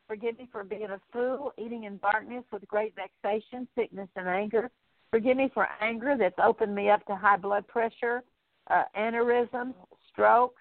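A woman's voice: medium pitch, dry recording. Woman praying over a tinny line. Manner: earnest, repetitive litany-like pleading. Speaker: minister leading prayer. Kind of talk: prayer of repentance. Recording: dry, phone-like narrow sound.

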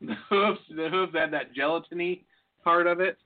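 Brief: high-pitched male co-host, jokey rambling banter, tinny phone-like sound. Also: steady tone, moderate pace. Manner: joking, rambling. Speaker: podcast co-host. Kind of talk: casual banter. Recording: phone-like lo-fi audio.

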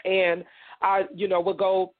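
A woman from Indiana, an interview guest, giving a halting personal testimony full of "you know.". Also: medium pitch, flat delivery. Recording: tinny phone line.

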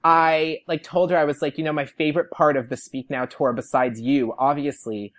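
A young man, a podcast guest, telling a story in a casual way and acting out what people said in lively voices. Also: a little high, moderate pace. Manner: animated, quotes people in lively put-on voices.

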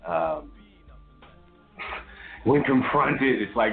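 A man's voice: mid-range voice, lively intonation, unhurried. A man co-hosting a podcast, talking in a rambling, profane, casual way with frequent restarts. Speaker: podcast co-host. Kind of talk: casual chat. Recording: echoey, phone-like line with faint music.

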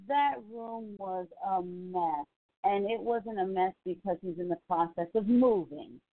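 Woman, mid pitch, sassy mocking commentary, narrow phone-like audio. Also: lively intonation, a little slow, no echo. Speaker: commentary vlogger. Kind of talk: casual commentary. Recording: tinny phone-like sound.

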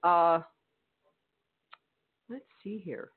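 A woman's voice: on the low side, drawn-out words, husky. A woman co-hosting a podcast in casual chat, teasing and laughing often. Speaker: podcast co-host. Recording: tinny phone-like audio.

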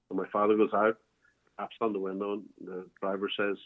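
A man's voice: on the low side, flat delivery, brisk. A man, a bar owner, telling a long rambling story as a guest, with many restarts and fillers. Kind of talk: casual storytelling. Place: home, calling in by phone. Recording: tinny phone line.

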